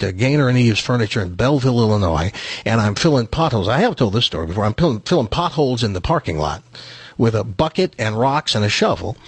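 Husky-voiced radio guy from tennessee telling a story, does all the voices, dry close mic. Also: mid-range voice, no room sound. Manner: animated storyteller acting out quoted dialogue. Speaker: radio host. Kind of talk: storytelling on a radio talk show.

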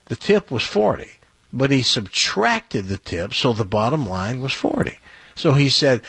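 A man telling a long personal anecdote on a talk show, in an animated storytelling way. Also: mid-range voice, measured pace, gravelly, breathy edge, no room sound.

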